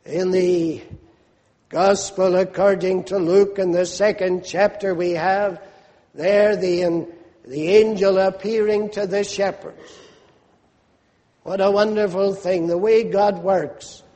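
High-pitched preacher man going slow and fervent, big hall echo. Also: fairly even intonation, mellow. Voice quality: fervent, swelling and falling emphasis. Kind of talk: sermon. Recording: long hall reverb.

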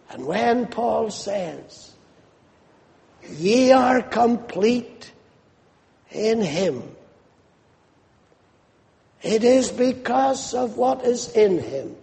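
A man's voice: very high voice, creaky, a little mellow. A man preaching a sermon with fervent, emphatic declarations. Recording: long hall reverb.

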